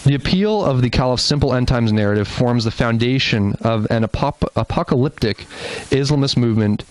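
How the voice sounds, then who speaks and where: A man's voice: mid-range voice, fairly quick, darkish tone, low-quality recording. A man giving an earnest presentation in a church, explaining with asides and restarts. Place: church hall.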